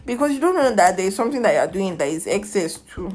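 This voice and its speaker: A woman's voice: medium pitch, big pitch swings, quick pace, a little mellow. A young woman with a Nigerian accent hosting a podcast, ranting candidly and emotionally and dropping in Nigerian slang. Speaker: podcast host. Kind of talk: personal rant podcast.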